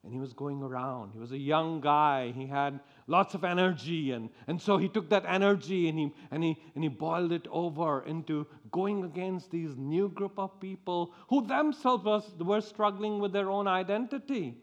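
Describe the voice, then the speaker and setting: A man preaching a sermon, speaking slowly with frequent repeated restarts. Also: on the high side, lo-fi sound.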